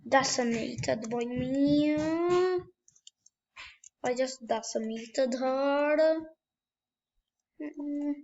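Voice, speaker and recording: A young woman giving casual commentary while playing a shooter game, muttering to herself and bursting into yells and trash talk. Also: sits high, extremely slow, long pauses, dull audio. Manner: animated, trash-talking, bursts of yelling. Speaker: gamer.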